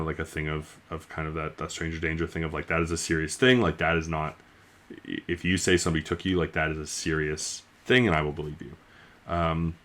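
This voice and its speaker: A man's voice: sits low, fairly bright tone. A man giving a casual spoken book review, talking in a loose, rambling way with lots of fillers.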